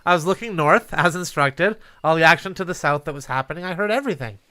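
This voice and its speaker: A man performing an improvised comedy scene, delivering his lines in an earnest, deadpan way. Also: a little high, fast talker.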